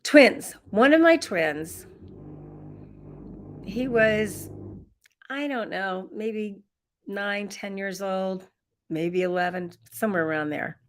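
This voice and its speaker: Speaking slowly with long pauses, a middle-aged workshop leader shares a personal story in a live online session, laughing frequently. Her voice is mid-range and warm, and she's on a computer mic.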